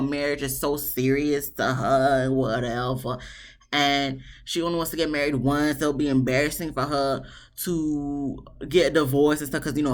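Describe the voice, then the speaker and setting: Chatty woman reviewing a TV show. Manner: chatty and animated, jumps into high-pitched asides. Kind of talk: casual solo review chat.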